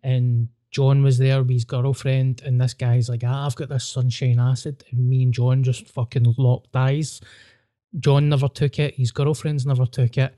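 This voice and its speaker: A Scottish man with a Glaswegian accent, hosting a podcast and telling a wild story in an animated, sweary way, acting out voices. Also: mid-range voice, normal speed. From Scotland. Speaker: podcast host. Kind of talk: casual storytelling chat.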